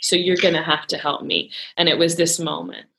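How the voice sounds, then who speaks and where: A middle-aged woman talks through faith and family in a casual chat. Her voice is bright and on the low side, and she speaks emphatically with easy laughter. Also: a little fast, gravelly. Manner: emphatic, heartfelt, laughs easily.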